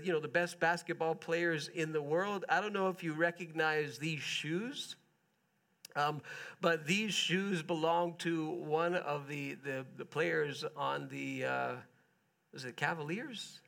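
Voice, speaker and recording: A man preaching a sermon in a relaxed, conversational way, asking his listeners questions as he goes. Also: a little high, gravelly. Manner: conversational, chatty with the congregation, asks them questions. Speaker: pastor.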